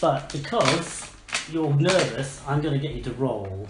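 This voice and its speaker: Woman running a game for kids, lively voice. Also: a bass voice, a little slow. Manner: patient, coaxing questions. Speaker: game master. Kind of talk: running a tabletop game for children. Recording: echoey room, faint noise.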